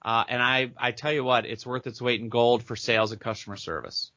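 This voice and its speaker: A man being interviewed as a business coach on a podcast, talking fast and eagerly and acting out chat messages as he goes. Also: mid-range voice, fairly even intonation, bright, forceful tone, no echo, highs cut off. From Minneapolis area, United States.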